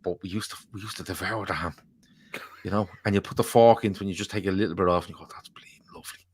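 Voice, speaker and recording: A man's voice: sits low, fairly even intonation, quick pace, darkish tone, breathy edge. A man co-hosting a casual football podcast, rambling, swearing freely and joking as he reads viewer comments. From Ireland. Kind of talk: casual chat.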